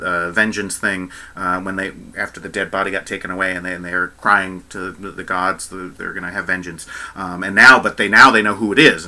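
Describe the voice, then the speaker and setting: Bright-voiced man chatting about opera. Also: low voice. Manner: chatty and enthusiastic, many fillers. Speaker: baritone singer discussing a recording. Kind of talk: casual commentary on an opera aria.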